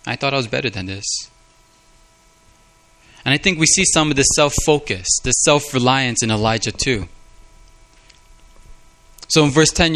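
A man's voice: medium pitch, moderate pace, pauses often, sharp tone. A man preaching a sermon in an earnest, confessional way, often repeating words as he speaks. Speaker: pastor.

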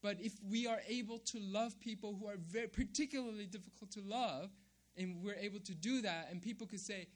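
A man's voice: high-pitched, steady tone, fairly quick. A man preaching a sermon, emphatic, repeating key phrases and checking in with "right?". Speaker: pastor.

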